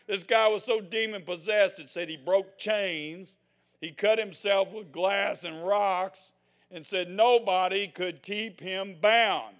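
Older male preacher, high voice, folksy and theatrical, loud to hushed. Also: a little slow. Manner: dramatic, swings from loud to hushed; folksy, acts out the scenes he tells. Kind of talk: sermon.

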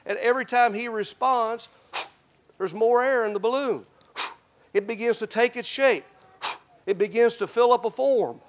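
High-voiced preacher, loud then hushed. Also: male voice, normal speed, long pauses. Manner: swings between loud emphatic and hushed prayerful delivery; folksy, addresses the congregation directly. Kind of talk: sermon.

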